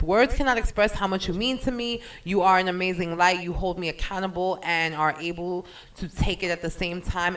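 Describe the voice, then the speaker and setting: A radio show host chatting casually, telling stories in an animated, slangy way and asking a guest questions. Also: mid-range voice, far from the mic, low-quality recording. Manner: animated, loose storytelling with slang. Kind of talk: casual radio interview chat.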